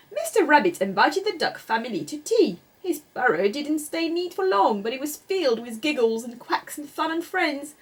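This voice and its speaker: A woman reading a children's picture book aloud in an expressive, sing-song way. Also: sits high, slightly rough. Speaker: storyteller.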